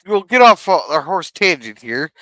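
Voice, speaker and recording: A man's voice: on the high side, big pitch swings, moderate pace, sharp tone, dry recording. A man co-hosting a casual show recap, talking loosely and swearing now and then. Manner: loose, swearing, bursts into singing. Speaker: podcast co-host recapping an episode. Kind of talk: casual chat.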